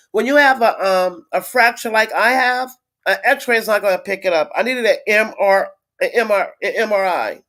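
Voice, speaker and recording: A woman chatting casually on a live stream to her viewers, venting in a frustrated, blunt way with swearing and halting restarts. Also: on the high side. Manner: halting with many fillers and restarts. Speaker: livestreamer greeting viewers.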